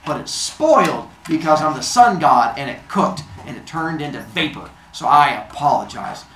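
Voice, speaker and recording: A man voicing a giant sun god father with a deep, rumbly voice and slow, grand declarations. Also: expressive, fairly bright tone, echoey room, slight background noise, low-quality recording. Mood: warm.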